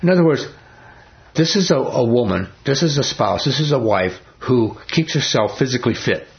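A man delivers a folksy sermon, telling stories and stopping to restart his sentences. His voice has a gravelly, rough edge at a middle pitch. The recording is dull and lo-fi. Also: lively intonation, moderate pace. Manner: folksy storytelling with many restarts and repeated "he says". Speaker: preacher.

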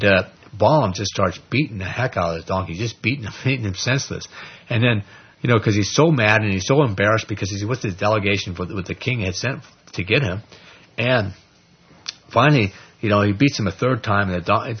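A man teaching an informal Bible study, conversational and animated, checking in with listeners through asides as he explains scripture. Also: on the low side, slightly rough, lo-fi sound. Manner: conversational and animated, with frequent "you know" and "okay?" asides.

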